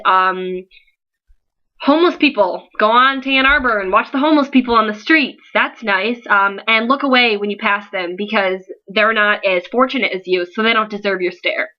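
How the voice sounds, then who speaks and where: A woman's voice: medium pitch, moderate pace, lo-fi sound. A young woman, giving an earnest, emotional vlog speech to her followers, pleading and scolding by turns. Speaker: founder of an online support page.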